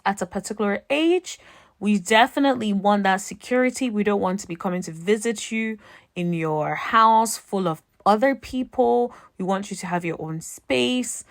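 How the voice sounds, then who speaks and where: A woman's voice: medium pitch, moderate pace, no room sound, studio quality. Sassy woman recapping reality TV. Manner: sassy, animated, calls viewers "honey". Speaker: TV show recap host. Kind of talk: casual reality TV recap commentary.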